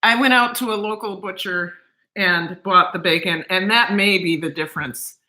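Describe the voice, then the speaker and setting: A woman's voice: mid-range voice, moderate pace, pushed and bright, reverberant, low-quality recording. A woman talking casually to camera in her home kitchen, gushing and emotional as she eats. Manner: gushing and emotional, talks while eating. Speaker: cooking vlogger.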